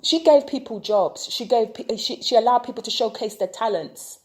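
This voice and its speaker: Repeated rhetorical questions drive this heated vlog rant from a British woman who reads tarot and vlogs. Her voice sits on the high side, and she keeps a moderate pace.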